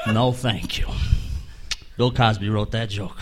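A man's voice: fairly low pitch, fairly even intonation, a little slow, heavy background noise. A man doing stand-up comedy on a club stage, rambling through absurd jokes and jumping into sudden silly voices, with audience laughter behind him.

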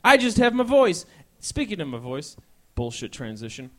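A man in his twenties hosting a live talk show on stage, rambling, self-mocking and excitable. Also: on the high side, normal speed. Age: 20s. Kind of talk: live stand-up style talk show chat. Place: ballroom stage before a live audience.

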